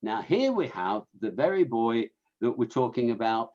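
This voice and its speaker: A man's voice: mid-range voice, sing-song, normal speed, highs cut off. A man with a Fenland accent giving an illustrated history talk to an audience, chatty, with restarts and asides to his listeners. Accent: Fenland English. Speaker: lecturer on scouting history.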